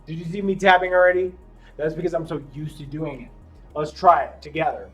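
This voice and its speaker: A man teaching young children to read, encouraging them as he sounds out letters slowly and deliberately. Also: a little high, steady tone, fairly bright tone, faint music behind. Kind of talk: classroom lesson for young children.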